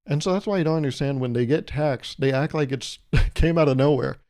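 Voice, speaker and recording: Brisk and on the high side, with a slightly mellow quality, a man hosts his podcast solo. He rambles through joking comparisons and laughs at his own gags.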